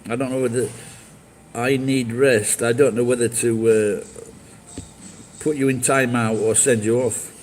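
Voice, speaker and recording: A man's voice: medium pitch, little pitch movement, unhurried, long pauses, darkish tone, a little hiss or hum, poor audio. A man live streaming and chatting with viewers, blunt and profane as he berates them.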